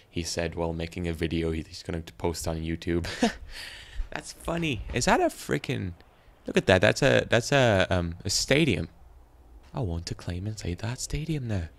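A teenage boy giving rambling, excitable commentary while playing a video game. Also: deep voice, normal speed, vocal fry. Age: teens. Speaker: gaming channel host. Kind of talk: gameplay commentary.

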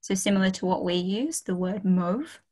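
A woman's voice: medium pitch, animated, normal speed, dark tone, low-quality recording. A woman teaching a beginners' French lesson over a video call, in a casual, friendly way with many ums and okays. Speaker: French tutor. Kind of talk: casual online language lesson.

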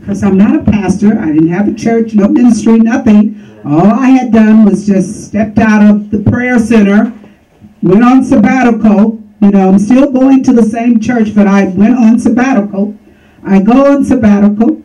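A woman giving an animated testimony as an interview guest, acting out quoted dialogue. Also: medium pitch, normal speed, far from the mic, rough recording. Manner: lively, acts out dialogue and laughs often. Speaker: guest telling her testimony.

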